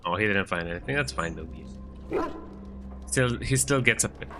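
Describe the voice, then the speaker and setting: Over a noisy background, a man with a lowish voice and lively intonation talks at a moderate pace while streaming a video game. His commentary is casual and rambling, with a frequent "eh" tacked onto lines.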